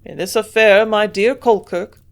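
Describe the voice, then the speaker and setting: A woman doing a gruff old German scientist. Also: medium pitch, normal speed, natural voice. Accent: German, put on. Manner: grunting, blunt, louder than the narration.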